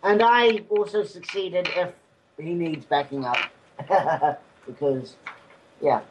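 A man with a high voice who talks slowly, rambling and correcting himself during a tabletop game. He comes through a voice call with clear hiss and clicks behind him. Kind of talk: casual game chat on a voice call. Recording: noisy voice call line.

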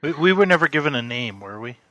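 A man's voice: a little high, animated, quick pace, fairly bright tone, dry recording, muffled recording. Guy playing a tabletop game, asking lots of questions, trips over his words. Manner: questioning, stumbling restarts. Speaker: player.

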